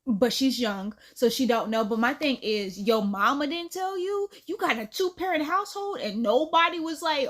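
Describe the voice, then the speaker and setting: A woman reacts to a clip from her bedroom late at night, her voice high and leaping all over the place. She is chatty and animated, laughing often and calling her viewers girl. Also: moderate pace, hardly any pauses. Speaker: reaction video host. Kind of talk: casual reaction commentary.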